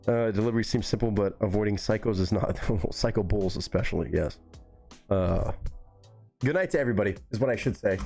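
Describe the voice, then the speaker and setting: Low-voiced man telling a rambling, profane story. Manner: relaxed, rambling and heavily profane. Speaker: live streamer. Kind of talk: casual storytelling on a live stream.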